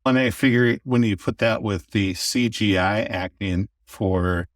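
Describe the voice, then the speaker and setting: A man hosts an interview and asks curious, conversational questions. His voice is very low and recorded dry and close. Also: steady tone, a little slow, no room sound. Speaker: podcast host.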